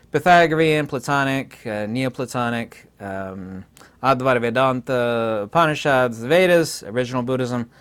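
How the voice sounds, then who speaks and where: A man of middle pitch holds forth alone in an unscripted talk, sure of himself and given to digressions. He often jumps suddenly higher and louder to hammer a point home. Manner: emphatic, digressive, self-assured, with sudden bursts of higher, louder delivery. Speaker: channel host lecturing on philosophy. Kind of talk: unscripted solo monologue.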